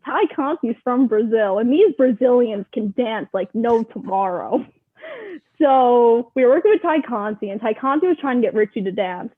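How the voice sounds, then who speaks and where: A young woman with a high, bright-pitched voice tells stories in an animated rush, peppering every sentence with "like." She sounds thin and tinny, as if she is coming through a phone-line call. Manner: animated, rapid storyteller, full of "like". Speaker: guest. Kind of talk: casual interview storytelling.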